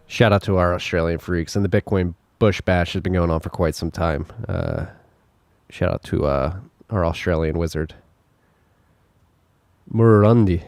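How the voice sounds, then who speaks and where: Casual male co-host with a low voice and dry sound, joking and laughing often. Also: moderate pace, a little mellow, no echo. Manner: joking, laughs often, reads release list. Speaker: podcast co-host. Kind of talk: casual podcast chat.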